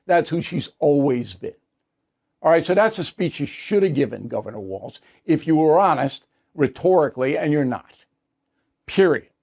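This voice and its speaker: A man hosts a political commentary segment with a blunt, combative delivery. He waves off claims with curt dismissals. His voice sits a little high for a man. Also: darkish tone. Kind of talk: opinionated news commentary.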